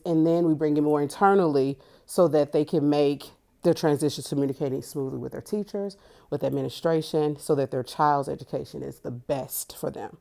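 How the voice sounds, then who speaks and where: A woman from Tennessee who works as a school family and community liaison, answering interview questions with careful, clearly enunciated speech. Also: deep voice, dark tone.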